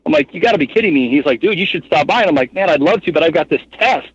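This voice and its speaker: A man in his thirties, a podcast guest telling stories casually, rambling with lots of fillers in an animated way. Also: a little high, very fast, slightly rough. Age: 30s. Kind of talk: casual storytelling interview. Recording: dull, muffled podcast audio.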